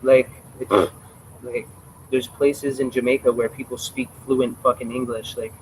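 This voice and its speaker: A man's voice: medium pitch, flat delivery, a little slow, a little hiss or hum, low-quality recording. A young Canadian man with a Canadian accent, chatting casually on a livestream, blunt and profane, calling the viewers "bro.". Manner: blunt, profane, emphatic, says "bro" often.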